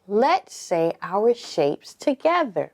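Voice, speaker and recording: Slow, lilting preschool teacher woman. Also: medium pitch, very animated. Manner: slow, drawn-out prompting with call-and-response pauses; sing-song, encouraging. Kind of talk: circle time lesson for toddlers.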